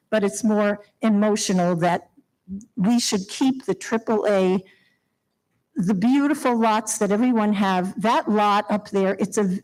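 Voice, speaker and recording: A woman's voice: medium pitch, a little mellow. A woman in her seventies from Long Island, New York, making a heartfelt, emotional plea as a resident at a town hall hearing, speaking into a podium microphone. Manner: emotional, heartfelt pleading with nervous laughs. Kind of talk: public comment at town meeting. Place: town hall meeting room.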